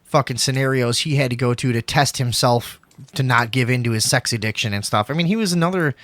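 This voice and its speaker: A man's voice: medium pitch, brisk, fairly bright tone, dry recording. A young man hosting a talk show, debating in a rambling, emphatic way and swearing a lot. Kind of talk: casual profane debate.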